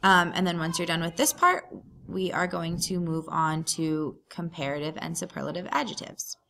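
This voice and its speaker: A woman's voice: fairly low pitch, normal speed, creaky, sharp tone. A woman teacher talking through a recorded grammar lesson, patient and explaining step by step.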